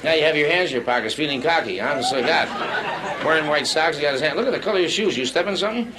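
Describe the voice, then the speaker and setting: A man's voice: a little high, lively intonation, racing, background noise. A man doing a crude stand-up routine in a nightclub, rambling brashly and bantering with the crowd. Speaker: stand-up comedian. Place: nightclub before a live audience. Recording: live club recording with audience. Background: audience laughter.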